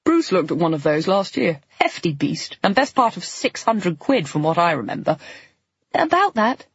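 A man giving a first-person narration with a wry, steady storytelling manner. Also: a little high, normal speed, breathy edge, dry recording, muffled recording.

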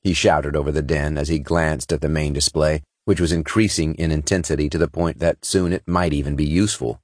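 A man reading scripted narration in a steady, measured way from a close studio mic. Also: rumbling low, no room sound. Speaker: audiobook narrator. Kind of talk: scripted science fiction narration.

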